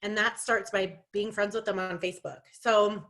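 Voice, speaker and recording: A woman's voice: mid-range voice, steady tone, moderate pace, fairly bright tone. Chatty young woman training her team. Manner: chatty, self-deprecating, many fillers and restarts. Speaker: direct sales team trainer. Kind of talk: casual training on a video call.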